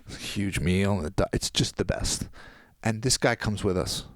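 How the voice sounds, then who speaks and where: A man, a podcast guest, telling a long anecdote in casual chat and quoting people in quick voices. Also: on the low side, dry recording, clean studio sound.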